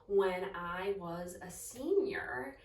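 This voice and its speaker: A woman's voice: medium pitch, animated, very slow. A young woman telling a personal story in a casual, chatty way, full of filler words and quoted dialogue. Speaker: storytime vlogger. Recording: roomy, distant from the mic.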